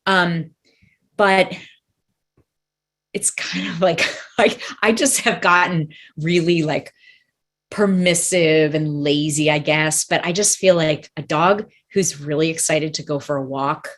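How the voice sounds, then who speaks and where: A woman's voice: deep voice, slow, a bit bright. A woman dog trainer in a casual interview chat, talking in a thoughtful, rambling way and hedging her points.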